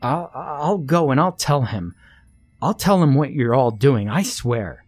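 A man's voice: mid-range voice, slow pace, darkish tone, husky, no echo, faint music behind, pitched above the performer's own voice. A man voicing a frightened, timid young boy whose voice shakes and cracks as he pleads near tears. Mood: frightened, pleading.

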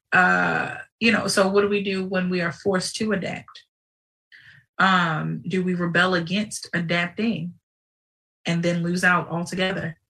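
A woman hosting a live show in casual livestream talk, animated and digressive, with sudden outbursts. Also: lowish voice, recorded from a distance, low-quality recording.

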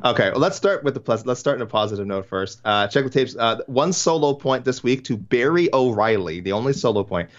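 On a casual podcast about fight matchmaking, a male co-host rambles, corrects himself mid-sentence, and laughs easily. His mid-range voice is expressive and a little fast with few pauses, and the sound is lo-fi.

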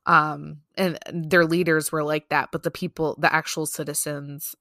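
A woman's voice: low voice, flat delivery, normal speed, bright, forceful tone, dry recording, clean studio sound. A woman co-hosting a casual news podcast, chatty and loose, with lots of "like" and "um". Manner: chatty, laughs often, loose fillers. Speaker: podcast co-host.

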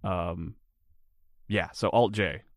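A low-voiced man speaks slowly and steadily, recorded dry in a clean studio. He's a guest in a casual interview, rambling through his answers and packing them with "like."

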